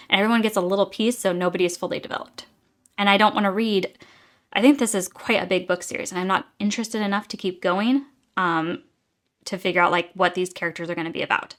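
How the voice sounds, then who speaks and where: A young woman rants through a casual book review, chatty and exasperated. She fills her talk with little fillers, and her pitch sits in a middle range. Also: steady tone, fast talker, fairly bright tone.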